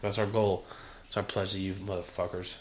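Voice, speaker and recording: A man's voice: sits low, little pitch movement, fairly quick, roomy sound, a little hiss or hum. A man co-hosting a podcast in casual chat, brash, profane and teasing. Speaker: podcast co-host.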